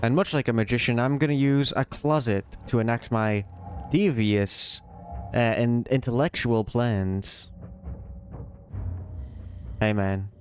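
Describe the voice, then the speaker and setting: A man's voice: mid-range voice, slow, long pauses, faint music behind. A man giving casual, playful commentary while playing a horror game, jokingly talking to the monsters as if they were silly pets. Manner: playful, teasing the monsters in a silly sing-song way. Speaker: let's play gamer.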